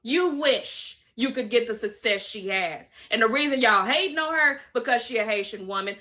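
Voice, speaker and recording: A woman's voice: a little high, expressive, normal speed, pushed and bright, slight background noise. A woman in a played online clip, lecturing emphatically and with profanity. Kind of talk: online video rant.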